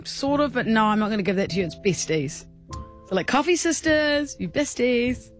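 A woman's voice: fairly high pitch, animated, normal speed, faint music behind. Bubbly woman radio host. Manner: bubbly, giggly, teasing. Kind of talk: casual breakfast radio banter.

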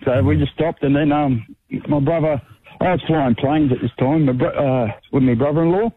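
Australian caller over a tinny phone line. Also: male voice, a little high, fairly even intonation, husky, no echo. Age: older. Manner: rambling, halting storyteller. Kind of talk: phone-in chat.

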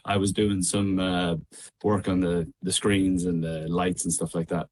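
A young man with a midlands Irish accent, chatting casually as a radio guest over a remote call, easygoing with frequent ums and quick laughs. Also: deep voice, level tone, darkish tone. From Ireland. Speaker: guest singer.

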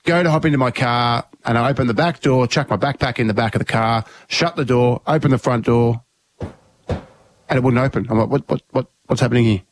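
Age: adult. Sex: man. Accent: Australian. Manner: animated, rambling storyteller. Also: mid-range voice, brisk, slight background noise. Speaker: radio co-host. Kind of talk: casual radio chat.

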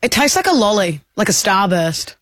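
A woman's voice: mid-range voice, big pitch swings, normal speed, a bit bright, dry recording. Aussie lady co-hosting radio, playful chat, dry close sound. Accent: Australian. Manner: playful, chatty. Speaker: radio host. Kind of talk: casual banter on radio.

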